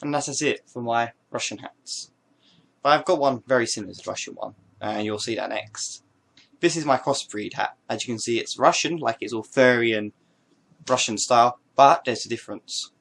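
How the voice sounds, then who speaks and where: A man's voice: mid-range voice, normal speed, gravelly, a bit bright. A man chatting casually to camera, showing his hats with playful, rambling jokes and asides. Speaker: vlogger. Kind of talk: casual show-and-tell to camera.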